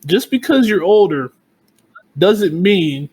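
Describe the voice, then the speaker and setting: A man's voice: high voice, expressive, slow, a little mellow, breathy edge. A young man telling a heated, profane story in a casual podcast chat. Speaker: podcast co-host.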